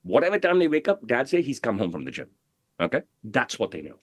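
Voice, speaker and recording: A man's voice: medium pitch, wildly swooping pitch, quick pace, no echo. A middle-aged man, a tailor, giving a brash, profane and emphatic interview, full of "bro" and "you know what I mean". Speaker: guest, tailor. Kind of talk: casual interview talk.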